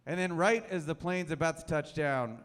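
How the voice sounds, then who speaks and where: A man's voice: on the high side, moderate pace, a bit bright, smooth, big-room sound. A man in his thirties doing a stand-up set on a club stage, dry and self-mocking. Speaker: stand-up comedian.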